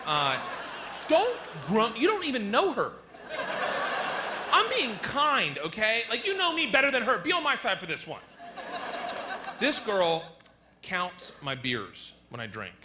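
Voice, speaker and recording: A middle-aged man doing a stand-up comedy set, telling stories loudly and acting out characters with sudden shouts. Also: high voice. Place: comedy club stage with a live audience. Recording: live stage recording with audience noise.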